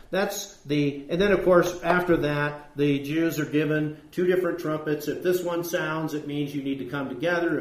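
A man preaching an earnest sermon, slowing down to read scripture and asking rhetorical questions. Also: fairly high pitch, reverberant.

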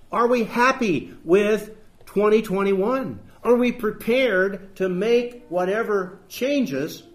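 Emphatic high-voiced male preacher. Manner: emphatic, rhetorical questions, quotes scripture. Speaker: pastor. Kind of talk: sermon.

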